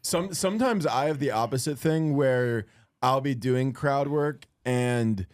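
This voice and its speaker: A male podcast host with a relaxed, wry way of talking, sitting in the middle pitch range. The recording is dry and close, with no room sound. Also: measured pace, no room sound. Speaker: podcast host, stand-up comic. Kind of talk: casual chat.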